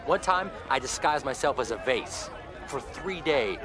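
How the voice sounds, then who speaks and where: A man's voice: medium pitch, expressive, measured pace, crowd noise, lightly acted. An actor playing a boastful, complaining male superhero detective in a cartoon. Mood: whiny. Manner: complaining, self-pitying. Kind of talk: cartoon voice acting.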